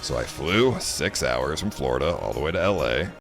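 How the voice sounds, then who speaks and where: A man's voice: extremely low pitch, animated, moderate pace, over music. A man streamer telling a story to his chat in a casual, rambling way, exasperated and full of fillers and restarts. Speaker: livestreamer.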